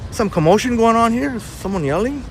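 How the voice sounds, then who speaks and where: Walking down a city street outdoors, a man hosts a casual live stream, reading the chat and greeting viewers by name. His voice is very high and expressive, he talks a little fast, and there's slight hiss or hum.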